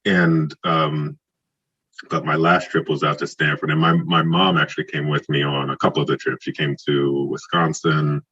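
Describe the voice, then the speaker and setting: A man in his forties from Trinidad, telling stories in a casual podcast interview, animated and acting out quoted dialogue. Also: rumbling low, normal speed, breathy edge, muffled recording. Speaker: guest, former football player.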